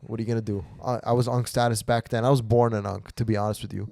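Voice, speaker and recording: A young man hosting a casual podcast chat, telling stories in an animated way and acting out his friends' voices. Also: fairly low pitch, fast, creaky, no echo, clean studio sound. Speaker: podcast host.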